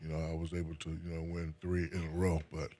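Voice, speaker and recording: A man from New Jersey, a guest in a casual interview, talking in a relaxed way and often repeating his first words. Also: rumbling low, fast talker.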